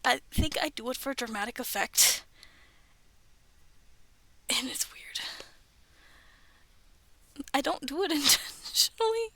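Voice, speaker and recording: A woman in her thirties reading scary stories aloud from home, breaking off for chatty, self-aware asides and soft whispered remarks. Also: high-pitched, very animated, takes it slowly, pauses often. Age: 30s. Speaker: streamer reading online stories. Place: bedroom at home.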